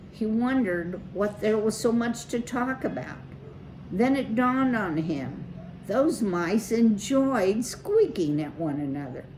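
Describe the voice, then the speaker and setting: A woman reading a children's chapter book aloud in a measured, expressive way. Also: mid-range voice, a little hiss or hum, rough recording. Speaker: children's story reader.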